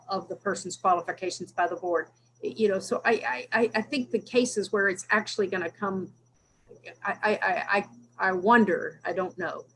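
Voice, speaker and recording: Woman board member, halting speech. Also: medium pitch, a little hiss or hum, poor audio. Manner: halting, many restarts and stammers. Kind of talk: meeting discussion.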